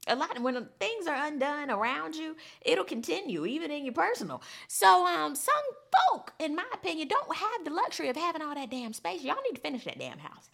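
Casting note: young woman, high-ish voice with plenty of vocal fry, blunt and animated, casual show recap. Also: fairly quick. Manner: blunt, animated, swears freely. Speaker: reality TV recap vlogger.

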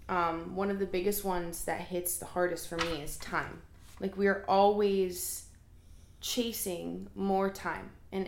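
A woman's voice: fairly low pitch, vocal fry. A woman hosting a solo podcast, talking candidly and emotionally about self-doubt in a casual way full of fillers, recorded in a room at home. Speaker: podcast host. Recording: roomy echo.

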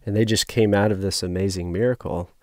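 A man's voice: fairly low pitch, fairly even intonation, brisk, no room sound. A man taking part in a Bible study discussion, reading passages and explaining them in a reflective way.

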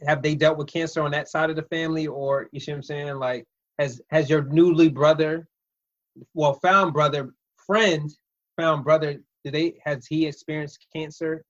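A man interviewing a guest in a relaxed, casual way, mostly giving short replies. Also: a little high, normal speed, dull audio.

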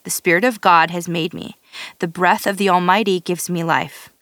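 A woman reading scripture aloud in a steady, measured way, now and then stumbling and restarting a word. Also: lowish voice, no echo. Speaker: scripture reader.

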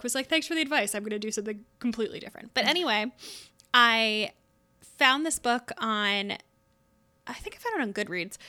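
Bright-voiced young woman, podcast co-host, chatty book talk. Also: fairly high pitch. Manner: chatty, upbeat, many filler words. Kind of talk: casual chat about books.

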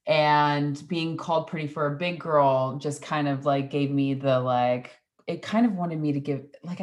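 Low-voiced chatty woman. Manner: chatty, animated storyteller, playful. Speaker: podcast host and interview guest. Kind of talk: casual interview chat.

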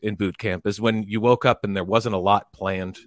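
Man rambling through an animated story. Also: fairly low pitch, normal speed. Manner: rambling, animated retelling with shouted quotes. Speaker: podcast guest telling a story. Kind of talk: casual storytelling chat.

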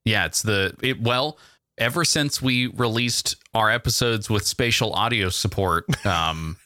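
Male podcast co-host, crisp bright tone, dry mic, rambling casual banter. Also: fairly low pitch, a little slow, dry recording. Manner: rambling, jokey. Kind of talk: casual chat. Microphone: single mono microphone.

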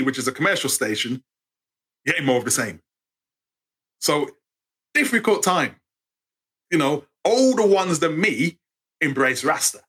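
A man in his fifties with an English accent, a guest telling animated stories in a casual interview. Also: medium pitch. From England. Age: 50s. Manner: animated, acts out voices in anecdotes. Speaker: guest storyteller.

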